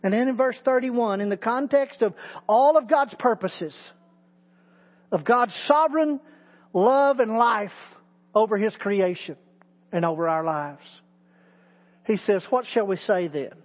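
A man's voice: high voice, unhurried, pauses often. A man preaching a sermon as teaching pastor, building emphasis through repeated phrases. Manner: preaching with rising emphatic repetition. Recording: muffled audio with long hall reverb.

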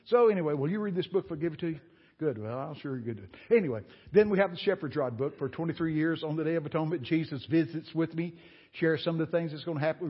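A man's voice: a little high, husky, long reverb tail, dull audio. An older man preaching a sermon as a guest speaker, folksy and emphatic, weaving homespun stories into his preaching in a church. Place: church sanctuary.

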